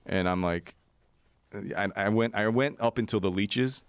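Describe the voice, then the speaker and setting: An unhurried man in his forties with a lowish voice, recorded cleanly with no room sound, appears as a podcast guest. His animated adventure tale runs long, packed with fillers and quoted voices he performs.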